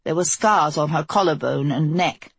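Husky-voiced woman narrating a story. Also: low-pitched, normal speed, no room sound. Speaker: audiobook narrator. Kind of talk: scripted fantasy narration.

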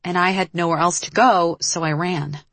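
A woman's voice: fairly low pitch, fairly even intonation, moderate pace, a bit bright, no room sound. A woman reading as Liv, a guarded young runaway. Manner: hesitant, careful with words.

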